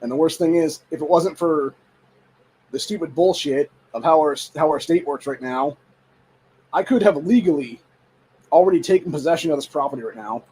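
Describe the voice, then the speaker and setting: A forty-something man from Ohio rants on his podcast, swearing freely as he casually vents his frustrations. The recording is rough, and his voice runs on the high side with a darkish, breathy edge at a moderate pace.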